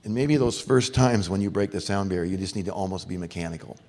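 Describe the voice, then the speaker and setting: Deep-voiced preacher in a reverberant hall. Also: male voice, fast, a little mellow. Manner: earnest, storytelling with acted-out voices. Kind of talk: sermon.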